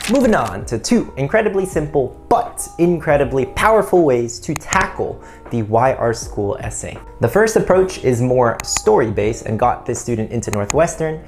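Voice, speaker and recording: A man's voice: medium pitch, big pitch swings, moderate pace, a little mellow, soft background music. A man explaining how to write college application essays in an upbeat, conversational instructional video.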